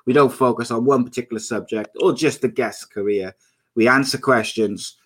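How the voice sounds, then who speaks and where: A man hosting a podcast, running through a quick intro and then reading out viewer comments in casual chat. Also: medium pitch, a bit bright, husky. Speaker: podcast host.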